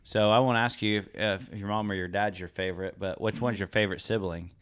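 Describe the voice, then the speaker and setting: A man's voice: on the low side, steady tone, fairly quick, fairly bright tone, clean tone. Middle-aged man hosting a casual podcast. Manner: jokey, laughs often while asking questions. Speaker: podcast co-host. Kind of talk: casual chat.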